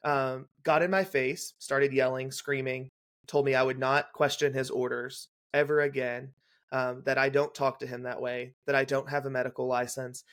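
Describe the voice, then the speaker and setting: A man's voice: medium pitch, little pitch movement, fairly bright tone. Man telling a clinical story in detail. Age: young adult. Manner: detailed, brisk clinical storytelling, acts out quoted dialogue. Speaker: guest, legal nurse consultant. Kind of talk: casual storytelling in a podcast interview.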